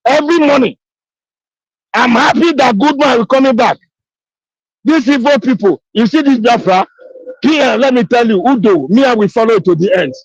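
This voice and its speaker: A woman's voice: a little high, moderate pace, long pauses, husky, no room sound, dull audio. A woman, speaking emphatically in a live audio chat, repeating herself and pleading. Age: 50s. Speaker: caller on an audio space.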